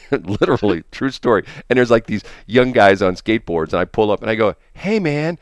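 Deep-voiced middle-aged male radio host. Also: fairly quick, no room sound. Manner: rambling, anecdotal, many fillers. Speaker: radio morning show host. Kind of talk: casual on-air chat and storytelling. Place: radio studio.

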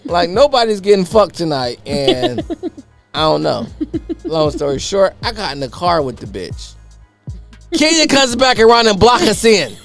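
Male podcast co-host, high and raspy, big animated storyteller. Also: moderate pace, faint music behind. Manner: animated, profane storytelling, acting out other people's voices.

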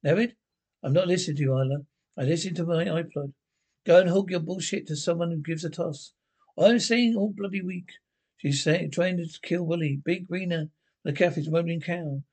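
A man's voice: fairly high pitch, moderate pace, darkish tone, lightly acted. An actor playing a grumbling older pensioner in a TV sitcom, blunt and sweary in banter with his pals. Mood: gossipy. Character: grumbling older Glasgow pensioner, nosy and sharp. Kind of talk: TV sitcom acting.

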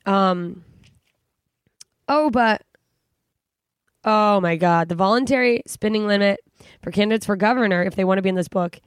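A young woman from California hosting a podcast solo, ranting in a rambling, exasperated and profane way, full of fillers and sudden jumps in pitch. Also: normal speed, long pauses, clear, resonant tone, dry recording, studio quality. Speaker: podcast host. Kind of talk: casual solo podcast rant.

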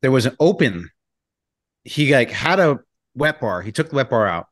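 A man co-hosting a casual podcast chat, telling stories in an animated, profane way. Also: mid-range voice, normal speed. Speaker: podcast co-host.

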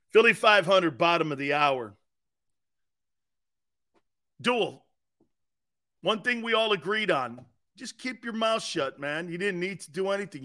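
Brash, bright-voiced sports talk host. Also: male voice, high voice. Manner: blunt, combative, mocking. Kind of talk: live sports radio talk.

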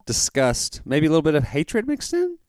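Man, podcast host, animated up-and-down voice, playful, dry sound. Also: fairly high pitch, moderate pace, no echo. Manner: playful, laughs a lot, rambling restarts. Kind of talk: casual chat.

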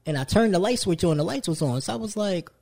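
Young guy cohosting a podcast, brash storyteller, kinda high voice, does voices for people he quotes. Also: lively intonation, quick pace, creaky, darkish tone. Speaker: podcast co-host. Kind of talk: casual podcast chat.

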